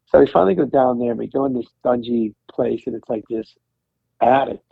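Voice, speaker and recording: A man telling stories and encouraging his host in a casual chat, rambling and warm-hearted. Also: medium pitch, brisk, vocal fry, breathy edge, dry recording. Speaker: podcast host as guest. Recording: dry tinny phone-line sound.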